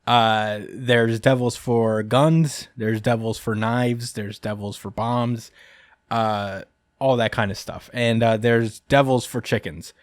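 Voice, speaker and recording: A man's voice: mid-range voice, fairly even intonation, takes it slowly, dry recording, clean studio sound. A man hosting a podcast who recaps a manga chapter in casual chat. He rambles, chuckles often and fills his speech with "uh" and "like.". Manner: rambling and chuckling, many fillers. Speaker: podcast host.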